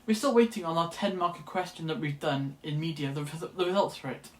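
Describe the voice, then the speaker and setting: A man's voice: a little high, brisk, loud music behind the voice. A young man, chatting casually to camera as a student vlogger, rambling and correcting himself as he goes. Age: late teens. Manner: chatty, rambling, often restarts and self-corrects. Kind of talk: casual vlog chat.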